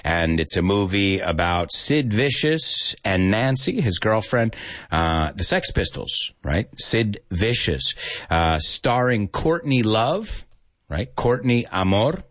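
Animated American English teacher. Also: male voice, lowish voice, takes it slowly. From United States. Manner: animated, playful, mixes in Spanish. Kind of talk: live stream English lesson.

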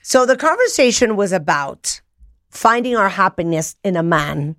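A woman's voice: medium pitch, big pitch swings, moderate pace, a bit bright. A woman from Mexico hosting a talk show, chatting playfully with a guest and bursting into laughter. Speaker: host. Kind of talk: lively talk show chat.

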